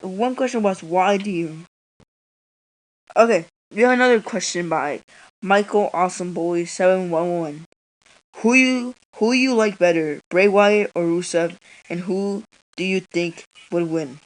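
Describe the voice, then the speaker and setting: A woman hosting a laid-back podcast chat, her voice sitting a bit low for a woman. She rambles and hesitates, leaning on ums and restarts between thoughts. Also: measured pace, rough recording. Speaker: podcast host.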